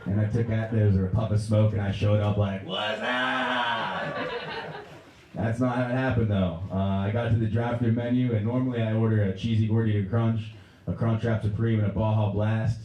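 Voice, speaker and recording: A young man doing stand-up in a Pennsylvania accent, his voice fairly low and mellow. He tells his stories deadpan and jumps into raised voices to act out the other people in them. The sound is roomy, with a clear echo from the stage. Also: brisk, distant mic, lo-fi sound. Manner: deadpan storytelling, acts out characters in raised voices. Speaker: stand-up comedian. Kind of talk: stand-up routine. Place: movie theater stage. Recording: echoey room.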